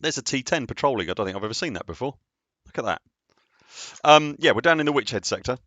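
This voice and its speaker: A man chatting casually on a game stream, excitable and self-deprecating, often laughing. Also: medium pitch, quick pace, no echo. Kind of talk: casual live-stream chat.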